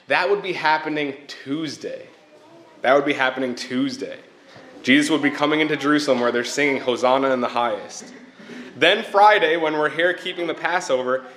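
An earnest man preaches a short sermon in a fairly high voice. He keeps circling back to repeat key points and asks his listeners "right?" as he goes. The sound carries the echo of a hall. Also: a bit bright. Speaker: church speaker.

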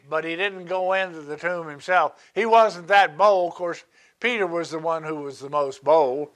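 A man preaching in a slow, deliberate way, working verse by verse through scripture. His voice sits somewhat high and sounds bright and forceful, and he takes his time with each phrase. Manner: slow, deliberate Bible exposition with asides. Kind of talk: sermon.

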